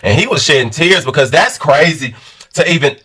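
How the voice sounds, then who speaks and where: Fast-talking animated male reality-show reviewer. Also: on the high side, slightly rough, poor audio. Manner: animated, slangy, addresses viewers as sis and baby. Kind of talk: casual commentary.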